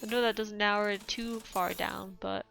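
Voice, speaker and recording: A woman's voice: medium pitch, steady tone, moderate pace, vocal fry, fairly bright tone, faint music behind. A European woman streaming a game, chatting casually, laughing often and reading chat aloud.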